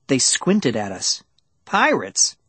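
A man narrating a children's adventure audiobook in the first person, with lively, dramatic storytelling. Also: a little high, measured pace, breathy edge, no room sound.

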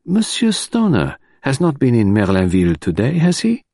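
A man voicing a fastidious elderly detective who speaks in a clipped, formal way with French touches. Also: mid-range voice, huge pitch swings, dark tone, no room sound, clean studio sound, voice pushed up. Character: fastidious elderly male detective, polite and sharp.

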